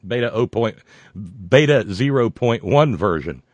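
A man's voice: on the low side, animated, unhurried, a little mellow, dry recording, lo-fi sound. Wry older American man, dry close mic. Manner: wry, digressive, reads letters aloud with asides. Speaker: show host reading listener mail. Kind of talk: casual talk show.

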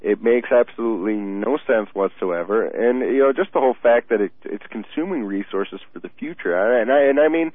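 A man chats about politics with lively swings in pitch, tripping over restarts as he gets worked up. His voice is husky. It comes through a thin phone line with no room sound. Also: brisk, hardly any pauses, no room sound. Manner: animated, restarts often, laughs mid-sentence. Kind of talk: casual political talk.

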